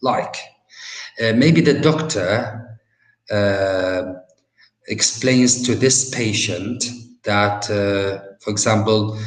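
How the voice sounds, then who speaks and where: In a recorded university lesson, a man with an Arabic accent teaches English vocabulary, going slowly and patiently with lots of "uh" pauses and using everyday examples to explain. His pitch is fairly low, and the low-quality recording has a roomy sound.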